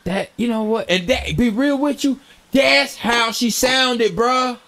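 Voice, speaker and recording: A man's voice: very high voice, slow pace, creaky, pushed and bright. A young man streaming a role-play game, chatting casually, telling stories in slangy, profane talk and laughing often. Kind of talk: casual gameplay chat.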